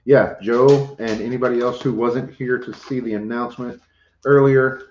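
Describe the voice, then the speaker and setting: Reading viewer comments on a laid-back livestream, a homestead channel host jokes around in a mid-range, darkish voice. His tone stays steady and his pace moderate, with a little hiss or hum in the background. The audio overall is dull, roomy lo-fi.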